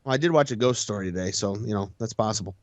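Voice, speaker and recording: A man's voice: lowish voice, rapid-fire, no room sound. A tired man co-hosting a casual racing chat show, rambling and laughing at himself. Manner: rambling, self-deprecating, laughs often. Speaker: co-host, race announcer.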